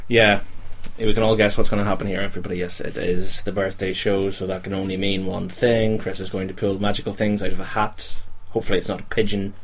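A man's voice: sits low, little pitch movement, fast. A young man, hosting a casual chat show and joking with the listeners. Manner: chatty, joking, talks to the audience. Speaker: podcast host.

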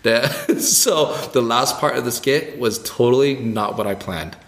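A man co-hosting a church ministry podcast, telling a story in a rambling, animated, casual way. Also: mid-range voice, measured pace. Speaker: children's ministry co-host.

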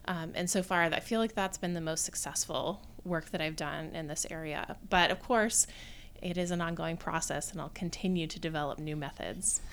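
A woman professor speaking as a guest in a podcast interview, talking in a thoughtful, measured way with frequent pauses to gather her thoughts. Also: low voice, fairly even intonation, a bit bright, a little hiss or hum. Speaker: guest, theatre design professor.

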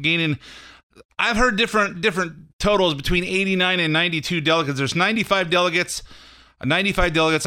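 A man hosts a call-in radio show with a bright, crisp and clear voice. He talks off the cuff about politics, rambling with frequent fillers and restarts. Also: high voice. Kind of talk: casual political commentary.

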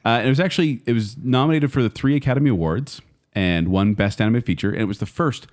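A man co-hosting a casual podcast chat about movies, talking in a quick, playful, jokey way. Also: mid-range voice, a little mellow. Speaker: podcast co-host.

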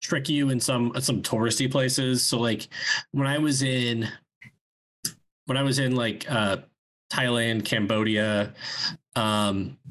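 A man co-hosting a casual podcast at a middling pitch. He rambles through his thoughts, stopping and restarting his sentences with a lot of filler words. His delivery is easygoing and conversational. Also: steady tone, a bit bright, poor audio. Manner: rambling, halting, many restarts and likes. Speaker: podcast co-host.

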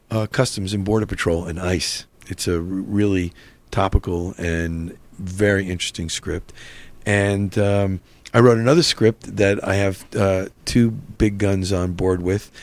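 A middle-aged man from North Jersey, an actor guest telling anecdotes in a casual interview and acting out the dialogue. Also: lowish voice. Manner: anecdotal, acts out quoted dialogue, many "you know"s.

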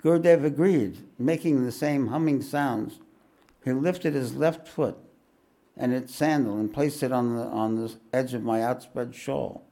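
A man, a spiritual teacher, reading aloud from a spiritual autobiography in a measured way and pausing for calm explanatory asides. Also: mid-range voice.

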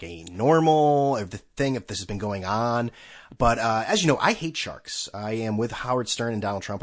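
A man's voice: mid-range voice, a bit bright. A man hosting a podcast alone, rambling in a sarcastic, casual way and swearing freely. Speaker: podcast host. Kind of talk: casual solo chat.

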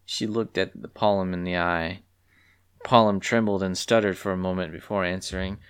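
A man narrating a storybook with an animated, expressive reading. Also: low voice, normal speed, clean tone. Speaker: story reader.

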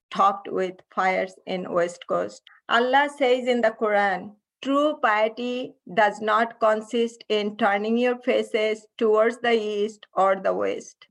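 A middle-aged woman giving an online Friday sermon, earnest and emotional. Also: medium pitch. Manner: slow, earnest, emotional delivery. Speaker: khateebah delivering a Friday sermon. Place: at home, online service.

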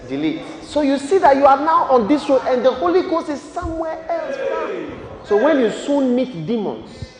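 High-voiced preacher in an echoey hall. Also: male voice. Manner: emphatic, repeats rhetorical questions, bursts into shouts. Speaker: pastor. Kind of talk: sermon. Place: large church hall. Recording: echoey church hall with long reverb.

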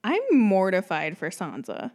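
A woman's voice: medium pitch, very animated, measured pace, a little mellow. A young woman co-hosting a casual podcast chat about a TV episode. She is chatty, laughs easily and acts out characters' lines. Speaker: podcast co-host.

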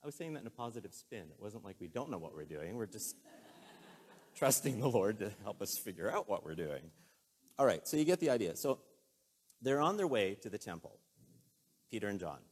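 A man preaching a sermon in a relaxed, conversational way, telling a story earnestly and with emotion. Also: lowish voice, a little fast, long pauses, breathy edge.

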